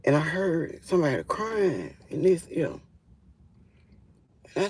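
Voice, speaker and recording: A woman's voice: low voice, sing-song, measured pace, long pauses, a little mellow, husky. A woman telling her own story in a casual live stream on her phone, emphatic, with frequent fillers. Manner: emphatic, with frequent fillers like "or whatever" and "you feel me".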